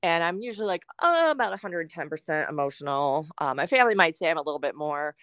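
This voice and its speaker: A woman's voice: low voice, lively intonation, fast, fairly bright tone, no room sound, studio quality. A middle-aged woman talking candidly as a podcast guest, full of fillers and acting out her own thoughts. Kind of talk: candid conversational chat.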